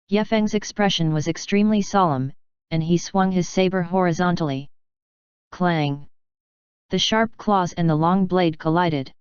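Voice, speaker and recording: Clear low-voiced woman reading a novel. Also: a little mellow, no echo, dull audio. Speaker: audiobook narrator. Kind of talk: scripted narration of a fantasy novel.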